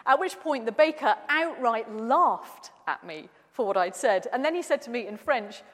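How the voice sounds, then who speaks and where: A woman preaching a sermon, opening with a personal story told with gentle humour. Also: on the high side, expressive, normal speed, in a large hall.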